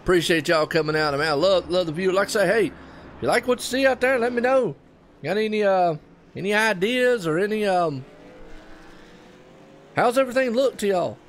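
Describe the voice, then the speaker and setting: A man from North Carolina with a Southern US accent, calling a live race in a chatty, excitable play-by-play that keeps turning to folksy asides to viewers. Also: sits high. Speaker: race commentator.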